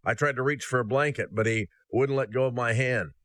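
A man preaching a sermon, telling a story aloud in an earnest, slow and solemn way. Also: mid-range voice, a bit bright, dry recording. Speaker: ministry host.

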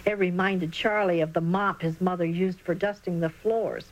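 A woman narrating a children's story in an expressive, storytelling manner. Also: fairly low pitch, normal speed, low-quality recording.

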